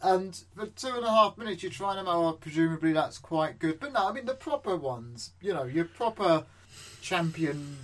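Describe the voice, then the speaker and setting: A man's voice: a little high, lively intonation, normal speed. A man co-hosting a casual comedy podcast, dry and rambling, with frequent restarts. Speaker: podcast co-host. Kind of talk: casual comedic review chat.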